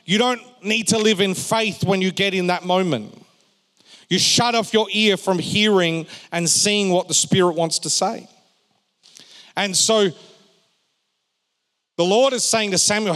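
A male pastor delivers a sermon in a large church hall, his fairly high voice ringing out with a long reverb tail. He talks slowly and deliberately, leaning hard on key words, then drops to quiet, joking asides with the congregation.

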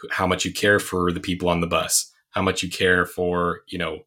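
A man with a very low but bright voice, talking through a movie in a casual chat. He rambles and circles back, filling gaps with "like" and "you know.". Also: monotone, moderate pace. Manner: rambling, hesitant, lots of "like".

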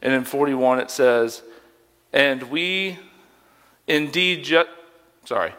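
A man's voice: mid-range voice, slow pace, pauses often, bright, forceful tone, long reverb tail. A young man preaching a sermon as a youth pastor, conversational and emphatic, asking rhetorical questions.

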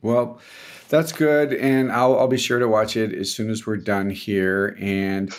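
A man's voice: fairly low pitch, fairly even intonation, measured pace. A man co-hosting a podcast in casual chat, with a dry, teasing, sarcastic manner. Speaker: podcast co-host.

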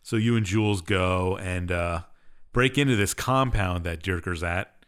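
A man's voice: low voice, a little slow, fairly bright tone, clean tone. A man co-hosting a podcast, casually retelling a game's story in an offhand, rambling way full of fillers. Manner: rambling and offhand, with many fillers and shrugging asides. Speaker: podcast co-host.

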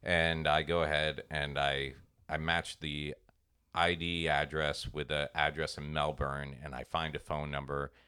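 A man with a low voice and a crisp, smooth, bright tone tells rambling stories on a casual podcast. He slips into the voices of the people in his anecdotes as he goes. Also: a little slow. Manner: animated storyteller, acts out voices in anecdotes. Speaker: podcast co-host. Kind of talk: casual chat, storytelling.

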